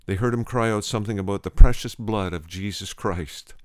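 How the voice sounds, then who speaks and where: Smooth low-voiced preacher telling a story. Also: male voice, a little fast, no echo, studio quality. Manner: earnest, restarts phrases, repeats for emphasis. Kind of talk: sermon storytelling.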